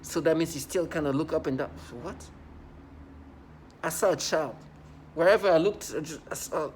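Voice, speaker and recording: A man's voice: fairly high pitch, a little hiss or hum. A man talking straight to camera in a casual monologue, agitated and rambling, repeating himself often.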